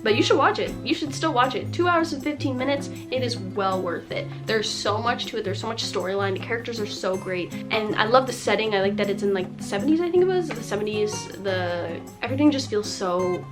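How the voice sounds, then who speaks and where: A woman's voice: mid-range voice, lively intonation, fairly quick, hardly any pauses, over music. A young adult woman vlogger giving a casual, emotive movie review full of filler words.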